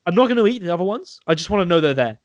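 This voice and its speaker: A man's voice: high-pitched, big pitch swings, racing, no room sound, lo-fi sound. A young man co-hosting a podcast, chatting over beers, enthusing about food with restarts and the odd swear. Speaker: podcast co-host. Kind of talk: casual chat over beers.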